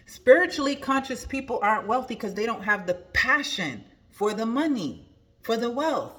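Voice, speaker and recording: A woman's voice: fairly high pitch, lively intonation, normal speed, fairly bright tone. A woman hosting a motivational talk as a spiritual coach, emphatic and preachy, repeating her key phrases.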